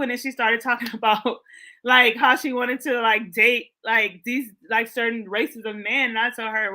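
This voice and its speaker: Woman, 40s, love coach host; bright, slightly high voice; earnest, rambling, casual motivational storytelling. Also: steady tone, moderate pace. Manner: heartfelt, rambling, heavy use of "like".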